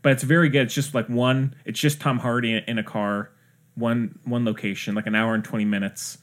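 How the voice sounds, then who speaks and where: A man's voice: medium pitch, flat delivery, a little fast. A man co-hosting a podcast, chatting casually about films in a rambling way with many restarts and fillers. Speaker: podcast co-host. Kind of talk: casual chat about movies.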